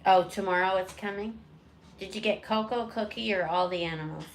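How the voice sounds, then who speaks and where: Briskly, a parrot owner and channel host rambles through a chatty home vlog, cooing at her birds in a high sing-song voice. The rough recording carries a little hiss or hum.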